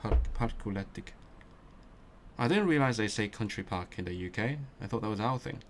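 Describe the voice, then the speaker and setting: Here the same kind of study-stream speaker sounds animated as he drills vocabulary, repeating words slowly and muttering to himself. He keeps restarting in low-key self-talk, and there's slight background noise.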